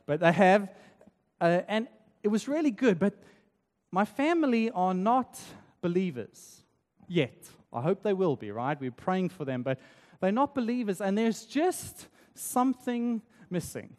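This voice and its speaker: A man from South Africa preaches in a relaxed, chatty way, often checking in with the room. His voice sits high for a man. It rings with the long reverb of a large church hall. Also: a little slow. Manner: conversational, tag questions like "right?". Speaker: pastor. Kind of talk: sermon.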